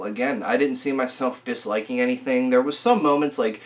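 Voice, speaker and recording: A young man giving a casual, rambling album review, full of fillers and restarts, a little rough from a recent illness. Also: mid-range voice, fairly quick, slight background noise. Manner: rambling, filler-heavy, self-correcting. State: recovering from illness, occasional coughing.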